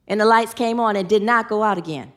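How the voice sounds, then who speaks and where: A woman's voice: medium pitch, fast talker. A woman giving a spiritual teaching talk, repeating phrases for emphasis and leading her listeners in affirmations.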